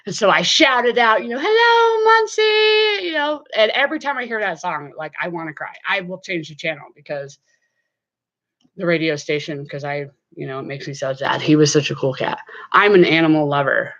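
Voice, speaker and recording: A woman's voice: deep voice, brisk, fairly bright tone, lo-fi sound. A middle-aged woman chatting casually to camera from her home, rambling with many fillers. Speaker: vlogger.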